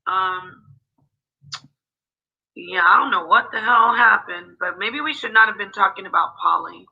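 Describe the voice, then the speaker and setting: A woman hosting a livestream panel, apologetic and placating as she calms things down. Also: medium pitch, a little slow. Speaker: livestream host. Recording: dull lo-fi stream audio.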